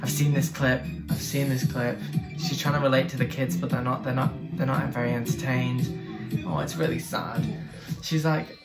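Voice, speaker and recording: A man's voice: mid-range voice, normal speed. A man hosting a music reaction video, chatting casually and laughing often as he exclaims at the clips.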